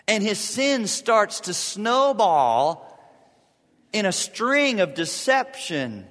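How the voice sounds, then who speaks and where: Dramatic preacher with big swings in a hall. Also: male voice, sits high, sing-song, extremely slow. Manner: dramatic swings from loud to hushed. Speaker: pastor. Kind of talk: sermon.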